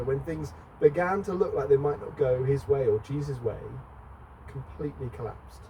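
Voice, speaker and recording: A man's voice: mid-range voice, dark tone. A middle-aged man, preaching a conversational sermon in a church and chatting with the congregation. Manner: chatty, asks the congregation questions. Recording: distant mic, faint background noise.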